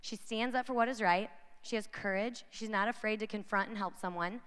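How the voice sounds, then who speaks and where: A woman with a mid-range, smooth, fairly bright voice speaks briskly at a conference, giving an inspirational talk to young women. She's chatty and keeps checking in with the crowd, addressing them directly with frequent "right?". The large conference hall leaves a long reverb on the recording.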